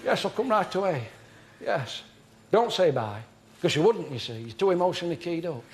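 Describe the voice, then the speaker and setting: A man performs live character stand-up on TV, posing as a fussy middle-aged amateur acting tutor who teaches with earnest, deadpan, self-important pedantry. His voice is high-pitched and moderately paced, and the studio audience can be heard laughing.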